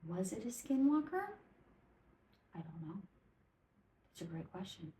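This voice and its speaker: A tipsy woman hosts a casual storytelling podcast, rambling and animated as she retells a tale, swearing and tripping over her own words. Her voice sits at an ordinary middle pitch. The room has a noticeable echo, with a faint hiss of noise underneath. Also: a little slow. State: tipsy from drinking vodka. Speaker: podcast host.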